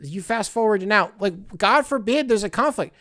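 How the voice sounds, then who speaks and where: A man's voice: high-pitched, lively intonation, normal speed, a bit bright, no echo, studio quality. A man hosting his own podcast, talking alone in a rambling, profane, tongue-in-cheek way. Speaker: podcast host. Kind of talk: casual solo commentary.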